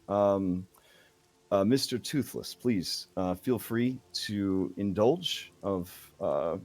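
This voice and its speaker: A man voicing a smooth, courteous middle-aged town boss who speaks low and suave.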